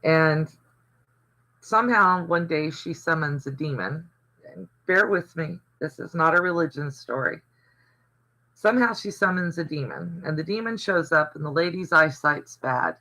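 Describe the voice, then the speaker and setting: An older Southern man with a slightly high voice, pushed and bright, hosts a casual livestream over a rough recording. He's a chatty, rambling storyteller who reads out and answers viewer comments.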